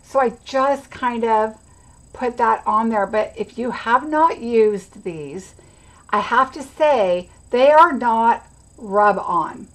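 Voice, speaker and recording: A woman's voice: a little high, slow, fairly bright tone, poor audio. Chatty woman hosting a craft livestream. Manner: chatty, rambling, greets viewers by name. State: has the hiccups. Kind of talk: casual livestream chat.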